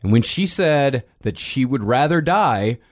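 A man's voice: mid-range voice, animated, a little slow. A man co-hosting a podcast, telling a true-crime story in casual, matter-of-fact narration.

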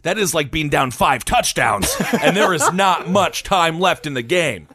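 A man's voice: fairly high pitch, animated, measured pace, sharp tone, breathy edge, no echo, clean studio sound. Man tossing off jokey quips. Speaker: podcast co-host. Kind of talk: casual chat.

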